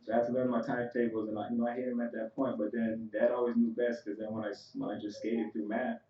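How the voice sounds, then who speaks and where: A man's voice: mid-range voice, little pitch movement, fast, roomy sound, muffled recording, a little hiss or hum. A man, a son, giving a conversational, story-filled eulogy for his father at a funeral. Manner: conversational and storytelling, with frequent "you know" asides. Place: church sanctuary.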